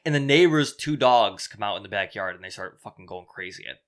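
A young man on a podcast telling a story in casual chat, profane and animated, acting out the people he quotes. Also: lowish voice, brisk.

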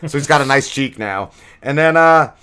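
A man's voice: medium pitch, clean tone. A man hosting a podcast, recapping a TV episode in a rambling, profane, casual way with plenty of filler words. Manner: animated retelling with quick drops in energy. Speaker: podcast host.

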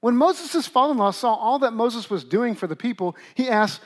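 High-voiced man preaching a lively sermon. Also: moderate pace. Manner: lively, conversational preaching with acted asides. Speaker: pastor.

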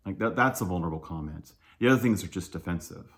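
A man's voice: low-pitched, lively intonation, quick pace. A man in his thirties giving a casual, candid sermon as a pastor, self-deprecating and laughing often, with plenty of fillers.

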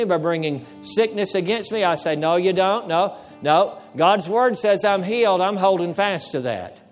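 A male pastor preaching a sermon, emphatic, repeating key phrases and acting out short dialogues with the devil. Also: high voice.

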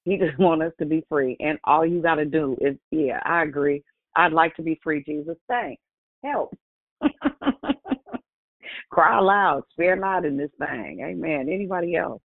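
A woman hosting a prayer call, speaking softly and affirming her callers. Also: deep voice, moderate pace, no echo. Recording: tinny phone line.

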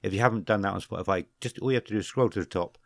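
A lower-pitched man co-hosting a casual podcast, joking, restarting his sentences and correcting himself as he goes. The sound is dry and close, with no room echo behind him. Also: creaky. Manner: joking, self-correcting, drawn-out readings of names. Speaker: podcast co-host.

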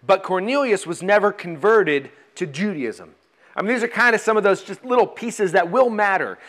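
A man's voice: high-pitched, expressive, moderate pace, a bit bright. A man preaching a sermon in a conversational way, with fillers and restarts, reading scripture aloud. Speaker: pastor.

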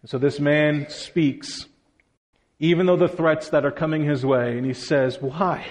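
Male pastor, higher-pitched, expressive sermon delivery that dramatizes quoted lines. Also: a little slow.

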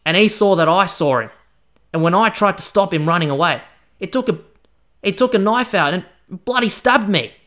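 A loud, matey watchman from an old Chinese city, full of casual slang, put on by a man. His voice rides a little higher than the narrator's own and has a sharp, bright edge. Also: expressive, moderate pace. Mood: worked up.

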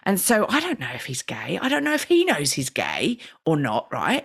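An Australian woman hosting a podcast interview, chatty and animated, often tagging her points with a rhetorical question. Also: lowish voice, normal speed, vocal fry, few pauses, breathy edge. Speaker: podcast host. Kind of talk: casual conversational interview.

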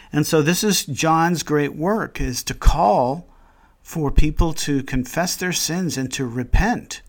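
A man leading a devotional meditation, speaking slowly and earnestly, often pausing mid-phrase and restarting his thoughts. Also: on the high side. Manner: slow, reflective, gently earnest.

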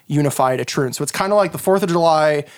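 A man's voice: a little high, quick pace. A man running a tabletop game as game master, describing scenes in a loose, rambling way full of fillers.

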